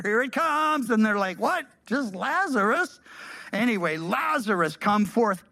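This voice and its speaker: A man's voice: sits high, a bit bright. A man preaching, reading scripture aloud and adding casual, emphatic asides. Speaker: pastor. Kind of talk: sermon reading and commenting on scripture.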